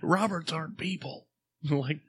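A man's voice: a little high, measured pace, breathy edge. A man co-hosting a podcast, teasing his partner in casual chat and laughing easily. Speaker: podcast co-host.

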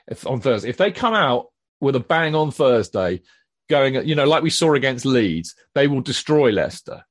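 A man's voice: mid-range voice, no echo. Male co-host, emphatic, repeats lines, dry close mic. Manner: emphatic, repeats phrases for weight. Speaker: podcast co-host. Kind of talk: casual football chat.

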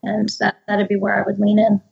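A woman's voice: medium pitch, completely flat delivery, fairly quick, gravelly. A woman speaking on a panel in an upbeat, optimistic way, with frequent fillers. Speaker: business leader on a panel. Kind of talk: conversational panel discussion. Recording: dull lo-fi audio.

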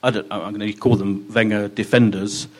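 A man hosting a casual panel chat, asking quick conversational questions. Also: lowish voice, fairly even intonation. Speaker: host.

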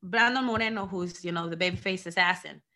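A woman's voice: lowish voice, a little fast, pushed and bright. A woman from Mexico with a Mexican accent, a wrestling champion speaking with passion in an interview, often repeating herself.

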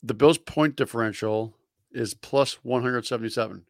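A man co-hosting a casual sports podcast, citing stats with a halting delivery. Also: medium pitch, vocal fry, no room sound, clean studio sound. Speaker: podcast co-host.

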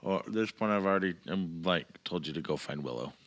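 A man playing a tabletop game in a calm, placating way. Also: low voice, a little fast, dull audio. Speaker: player. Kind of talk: tabletop role-play.

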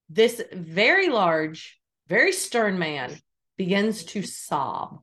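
A middle-aged woman, a guest on a faith podcast, telling stories in an animated, earnest way and laughing easily. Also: mid-range voice, slow. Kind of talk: conversational storytelling.

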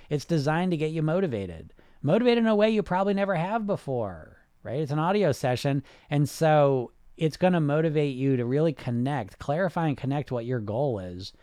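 A man's voice: mid-range voice, darkish tone, no room sound. Man casually coaching on weight loss. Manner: conversational, frequent "right?" tags and restarts; reads viewer comments aloud. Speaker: weight loss hypnotist and podcast host. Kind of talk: casual live coaching talk.

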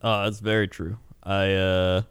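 Low-voiced laid-back young man gamer. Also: little pitch movement, a little slow, clear, resonant tone, no room sound. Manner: laid-back, laughs often, imitates game voice lines. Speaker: gamer and streamer. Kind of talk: casual chat.

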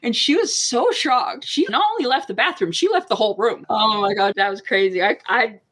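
A woman's voice: on the high side, brisk, breathy edge, low-quality recording. A woman co-hosting a podcast in casual chat, telling a story with lots of laughter and acted-out quotes. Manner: animated storyteller, laughing often, acts out quotes. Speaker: podcast co-host.

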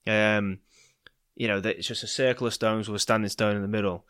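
A man's voice: on the low side, steady tone, fairly quick, a bit bright, smooth. A British man co-hosting a podcast, telling long, rambling stories in casual chat, swearing freely and acting out the people in them. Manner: rambling storyteller, swears often, acts out voices in anecdotes. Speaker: podcast co-host.

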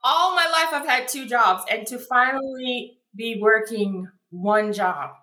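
Animated woman telling her story. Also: a little high, unhurried. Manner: animated storytelling, acting out quoted dialogue. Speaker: guest, founder of a foot care brand. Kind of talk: casual interview conversation. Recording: echoey room.

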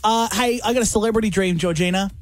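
A man hosting a radio call-in show, jokey and brisk. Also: sits high, no echo. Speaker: radio host.

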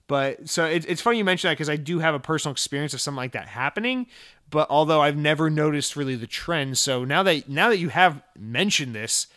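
A young man hosting a casual gaming podcast, chatting in a rambling, excitable way with lots of swearing and restarts. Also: fairly high pitch, no echo, studio quality. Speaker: podcast host. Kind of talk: casual solo podcast chat.

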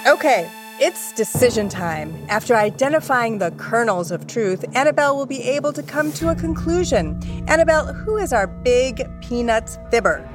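A woman's voice: on the high side, sing-song, normal speed, hardly any pauses, over music. A woman hosting a podcast game show in a bubbly, playful way. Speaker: quiz show host.

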